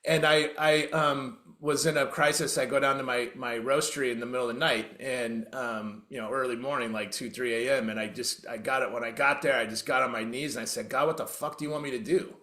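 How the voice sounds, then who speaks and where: A man's voice: medium pitch, steady tone, a little fast, hardly any pauses, bright, forceful tone. A middle-aged man from Oregon telling his story as a podcast guest, candid and emotional, swearing freely and often restarting his sentences. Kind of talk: conversational interview storytelling. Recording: roomy echo.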